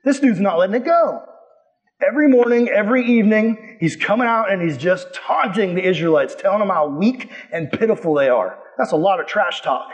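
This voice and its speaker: A man's voice: high voice, lively intonation, a little fast. A man preaching in a casual, slangy, playful way, retelling a Bible story as a youth pastor.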